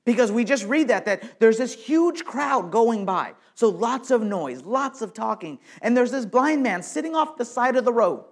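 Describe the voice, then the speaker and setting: A man preaching a sermon with emphasis, swinging between quiet, intimate lines and loud, raised passages, and often repeating words as he restarts. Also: very high voice, animated, moderate pace, hardly any pauses. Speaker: pastor.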